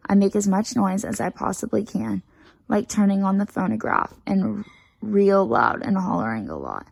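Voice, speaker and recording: This woman's voice is medium-pitched and thick with gravel and vocal fry as she reads a children's storybook at a normal pace. She narrates with energy in first person, playing a talkative, bossy little girl, captured in a rough, close, dry recording without any echo.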